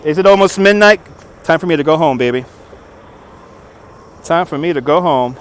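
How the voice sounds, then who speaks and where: His voice is fairly high and moderately paced, with a little hiss or hum in the audio. He's an upbeat host of a casual nighttime walking livestream outdoors in the city, thanking viewers for donations and filming on a phone held on a gimbal.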